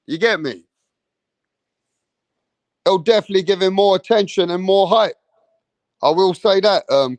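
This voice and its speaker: High-voiced man on a dry mic. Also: no echo. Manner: repetitive, slangy, reads viewer comments aloud. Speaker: boxing livestream host. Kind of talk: casual live chat.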